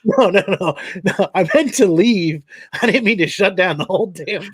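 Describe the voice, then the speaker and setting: A man's voice: sits high, expressive, normal speed, husky, no room sound. A man chatting as a guest on a live stream, playful, often restarting his sentences. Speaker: guest co-host. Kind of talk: casual live-stream chat.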